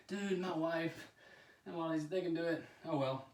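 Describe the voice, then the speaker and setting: A man chatting casually while demonstrating yoga poses, out of breath and often clearing his throat, self-deprecating about his flexibility. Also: on the high side, normal speed. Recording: echoey room, voice from a distance.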